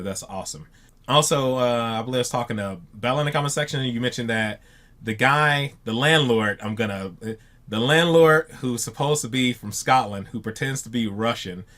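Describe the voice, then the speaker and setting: A man's voice: lowish voice, fairly bright tone. A man hosting a reaction channel, chatting casually to his viewers, rambling and repeating words, often tacking "man" onto his sentences.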